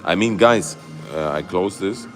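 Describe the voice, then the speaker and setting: Low-voiced man streaming live chart commentary. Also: a little slow, faint music behind. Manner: excitable, loose grammar, many fillers and "guys". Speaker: crypto livestream host.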